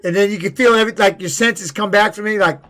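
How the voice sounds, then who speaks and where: A high-pitched man in middle age tells a story in a loose, profane way on his live stream. He sounds like a former fighter talking casually to his viewers. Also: fast. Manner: profane, animated retelling.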